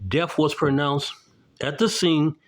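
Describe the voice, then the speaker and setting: Indignant middle-aged man, somewhat high voice. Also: steady tone, slow. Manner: indignant, accusatory, keeps tagging "okay?"; explains while showing documents to the camera. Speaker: independent video commentator. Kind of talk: emphatic on-camera commentary.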